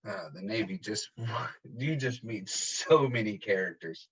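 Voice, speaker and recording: A man's voice: on the low side, unhurried, fairly bright tone, slightly rough, poor audio. A young man hosting a casual podcast from home, telling loose, profane stories. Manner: laid-back, profane storytelling. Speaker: podcast host. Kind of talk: casual chat.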